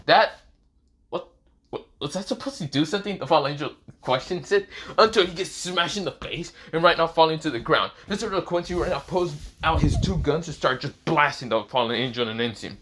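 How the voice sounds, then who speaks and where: A man's voice: fairly high pitch, fairly quick, hardly any pauses, fairly bright tone. A man improvising a fan story, rambling with many restarts and swearing casually.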